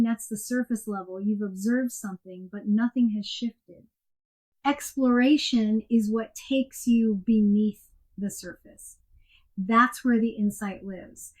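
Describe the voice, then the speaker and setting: A woman giving a scripted coaching lesson in a clear, measured and emphatic way. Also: a little high, fairly even intonation. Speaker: coaching instructor. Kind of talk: scripted instructional narration.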